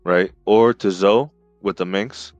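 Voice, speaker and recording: A man's voice: fairly low pitch, measured pace, dry recording, muffled recording, soft background music. A man co-hosting a podcast in casual chat, talking over the others and restarting his sentences. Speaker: podcast co-host.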